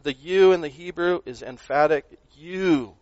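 Male pastor, fairly high voice, earnest sermon delivery with loud peaks and hushed drops; dull, dry recording. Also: measured pace, dry recording. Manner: earnest, swings between loud emphasis and quiet asides, repeats words.

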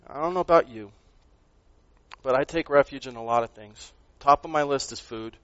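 A man preaching a sermon, earnest, rising to loud emphasis and dropping to quiet asides, often repeating words as he goes. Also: mid-range voice, moderate pace, no room sound, muffled recording. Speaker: pastor.

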